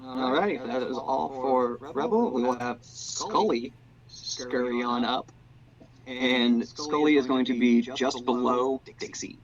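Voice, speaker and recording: A man running a tabletop game as game master, with easygoing, quick banter. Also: medium pitch, highs cut off, crowd noise.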